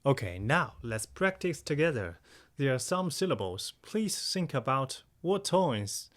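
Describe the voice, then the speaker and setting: A woman's voice: a bass voice, very animated, a little slow. A woman co-hosting a podcast pronunciation lesson, asking leading questions and guiding the practice. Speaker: podcast co-host.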